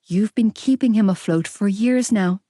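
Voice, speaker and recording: A woman's voice: mid-range voice, normal speed, mellow, no echo, lightly acted. A woman voicing a heartbroken, fiercely loyal young woman close to tears in an audiobook. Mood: anguished. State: crying.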